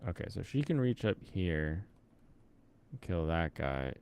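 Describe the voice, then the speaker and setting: A man's voice: deep voice, sing-song, measured pace, vocal fry, a little mellow, clean tone. A young man from the Pacific Northwest giving casual commentary while playing a game, thinking aloud and chatting with viewers. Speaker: streamer.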